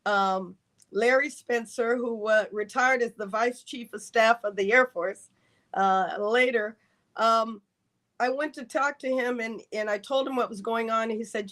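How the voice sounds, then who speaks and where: Animated woman telling a career story. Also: on the high side, unhurried. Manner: animated storyteller, acts out quoted dialogue. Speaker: guest, retired Air Force colonel. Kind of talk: storytelling in a podcast interview.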